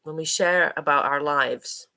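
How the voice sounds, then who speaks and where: A woman's voice: low voice, measured pace, gravelly, bright, forceful tone. A woman from Manchester, an English teacher, chatting on a livestream Q&A in a hesitant, friendly way with lots of ums and uhs. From Manchester, England.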